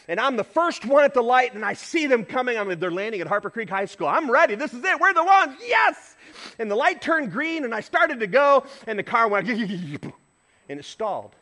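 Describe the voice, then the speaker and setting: A middle-aged man, a pastor, preaching a sermon and telling a story, acting out shouts and honks with lively energy. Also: very high voice, a little fast.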